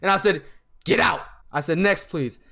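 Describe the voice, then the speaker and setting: A young man with a high voice rants through a casual story, exasperated and swearing freely. He acts out the voices of the people in it as he goes. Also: normal speed, vocal fry, pushed and bright. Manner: profane, exasperated, acts out quoted lines. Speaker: vlogger.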